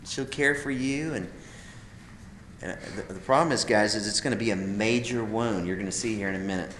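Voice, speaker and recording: A man's voice: fairly low pitch, moderate pace, fairly bright tone, echoey room, a little hiss or hum. A man teaching a live class of men conversationally, emphatic, calling them "guys" and asking rhetorical questions. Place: classroom or meeting room.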